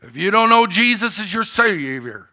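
A man voicing a fiery old small-church preacher who booms and draws out his warnings about hell. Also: expressive, sharp tone, exaggerated voice. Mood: thundering. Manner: booming, drawn-out warning delivery.

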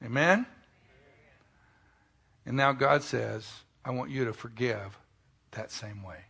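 A male pastor preaching a sermon, swinging between loud, emphatic declarations and quiet, intimate asides, with folksy jokes mixed in. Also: medium pitch, takes it slowly, gravelly, breathy edge.

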